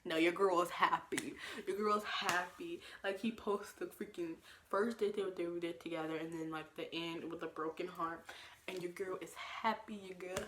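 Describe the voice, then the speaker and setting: Young woman, casual storytime vlogger, animated, lowish voice, faint noise. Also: moderate pace. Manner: animated, lots of fillers, acts out quotes in shifting pitch.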